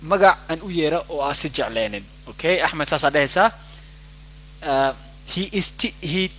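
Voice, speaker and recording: Bright-voiced man teaching an English lesson. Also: fairly high pitch, lively intonation, a little hiss or hum, poor audio. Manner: switches between slow, careful English and quick explanations; spells words out letter by letter. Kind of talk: online English lesson, reading student comments.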